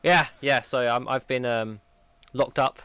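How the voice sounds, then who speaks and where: Halting young man, dry sound. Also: mid-range voice, fairly bright tone, clear, resonant tone, no echo. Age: 20s. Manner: hesitant, halting, cheerful. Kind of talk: casual chat.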